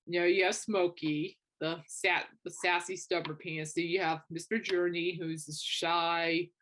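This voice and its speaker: Young woman podcaster, casual chatty storytelling, a bit low-pitched. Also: unhurried. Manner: chatty storytelling with animated quoted asides. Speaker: podcast host. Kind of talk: casual chat.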